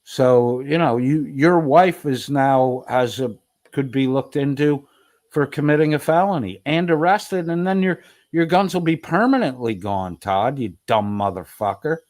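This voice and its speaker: A man's voice: mid-range voice, expressive, a little slow, darkish tone. A man hosting a livestream, reading chat and ranting with profanity and taunts. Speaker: stream host reading chat. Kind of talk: heated livestream commentary.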